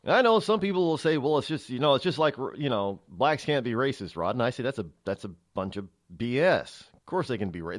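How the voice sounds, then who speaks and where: Male radio host, rambling opinionated monologue, lively swinging pitch, dry studio sound. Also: no echo. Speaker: radio talk show host.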